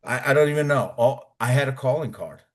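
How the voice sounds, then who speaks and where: A man's voice: mid-range voice, animated, fairly quick. A middle-aged American man, a former Army Ranger, casually telling stories of basic training, swearing and acting out what others said. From United States. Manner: colorful, profane, acts out quotes. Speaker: interview guest, retired Army Ranger. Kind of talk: casual storytelling.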